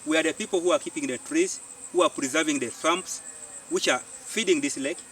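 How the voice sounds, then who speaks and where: A Ugandan man, a farmer and community organiser, telling his story in an animated way and repeating phrases for emphasis, recorded outdoors. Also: fairly high pitch, brisk, a little hiss or hum. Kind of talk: storytelling interview. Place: outdoors on a farm. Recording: distant mic outdoors, faint insects.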